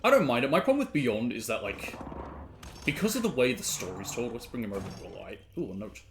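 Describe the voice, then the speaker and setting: A young man chatting casually to his stream while playing, rambling with quick asides. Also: medium pitch, big pitch swings, creaky, a little hiss or hum. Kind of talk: casual gameplay commentary.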